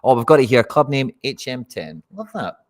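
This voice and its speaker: A man's voice: mid-range voice, big pitch swings, normal speed. A Scottish man hosting a live fantasy football stream, chatting casually and talking straight to his viewers. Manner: chatty, addresses viewers directly.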